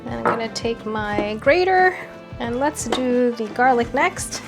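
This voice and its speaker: A woman's voice: on the high side, a little slow. A woman hosting a cooking video, chatting playfully as she walks through each step of a recipe. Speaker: cooking show host. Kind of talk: casual cooking demonstration. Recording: background music under voice.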